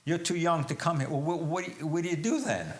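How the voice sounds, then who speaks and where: A man's voice: on the high side, quick pace, slight background noise. A man hosting a talk show interview, emphatic and speaking to the audience as folks. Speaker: host.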